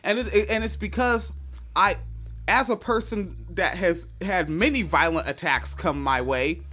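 A man's voice: high voice, unhurried, bright, forceful tone. A man hosting a podcast, reading news items aloud and riffing on them in a loose, profane way. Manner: profane, loose, reads news then riffs. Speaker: podcast host. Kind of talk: casual news commentary.

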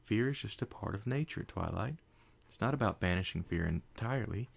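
A man voicing a gentle, motherly female pony in a fan fiction reading, speaking in a soft, cooing, reassuring way. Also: lowish voice, expressive, brisk, creaky, heavily acted. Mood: soothing.

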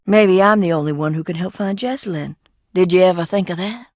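A woman's voice: lowish voice, brisk, darkish tone, no echo, studio quality, close to an everyday voice. An actress playing an eccentric, mocking young woman hiding in an old mansion in a video game, talking with sardonic, theatrical swings. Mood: taunting. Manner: sardonic, theatrical, swinging between taunts and outbursts.

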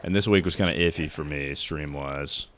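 A young man with a deep, low voice talks through a hard climbing game on a live stream. He chats easily with viewers, curses a lot, and now and then yells out in frustration. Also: moderate pace, slight background noise. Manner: chatty, swears, breaks into loud frustrated outbursts. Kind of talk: casual live gameplay commentary.

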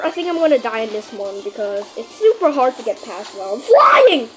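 High, lively, excitable woman gamer. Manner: excitable, panicky outbursts and shouted countdowns; repeats phrases rapidly under pressure. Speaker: gaming channel host. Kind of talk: live gameplay commentary.

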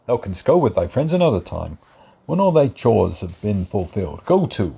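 A performer voicing a stern older male farmer in an amateur verse audio drama, speaking in a gruff, commanding way. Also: sits low, very animated, normal speed, mellow, heavily acted.

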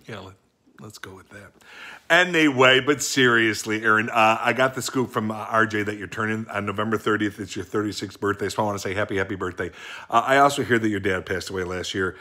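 A middle-aged actor recording a casual personal birthday video message, joking and then speaking earnestly. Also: male voice, lowish voice, brisk, sharp tone.

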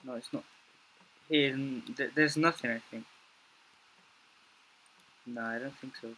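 Casting: young male gaming YouTuber with a bright, clear tone; jittery, stammering play-by-play that jumps into panicked repeats. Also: medium pitch, fairly even intonation, a little slow. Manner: jumpy, panicky reactions with frequent swearing and repeated phrases; mutters to himself, stammering restarts. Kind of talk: gameplay commentary.

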